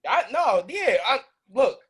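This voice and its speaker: A man on a casual podcast panel, arguing his picks in an animated, emphatic way. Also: extremely high pitch, takes it slowly, breathy edge. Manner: animated, emphatic, laughs a lot. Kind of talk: casual debate chat.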